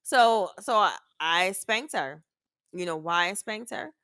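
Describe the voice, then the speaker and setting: A middle-aged woman co-hosting a family podcast, her voice bright and forceful. She tells animated, profane stories and acts out her own reactions, and the sound is dry and close. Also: fairly low pitch, slow pace, no echo. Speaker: podcast co-host, mother. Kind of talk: casual family chat.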